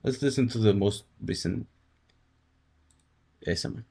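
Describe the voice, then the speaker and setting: A man's voice: fairly low pitch, a little slow, creaky, dark tone, breathy edge. A male livestreamer chatting casually with his audience, laid-back and jokey, reacting to chat with laughs. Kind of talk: casual live-stream chat.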